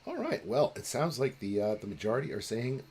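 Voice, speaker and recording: A man co-hosting a charity podcast livestream in casual chat, rambling and halting with many restarts and easy laughs. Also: medium pitch, big pitch swings, darkish tone, a little hiss or hum. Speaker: podcast co-host running a charity stream.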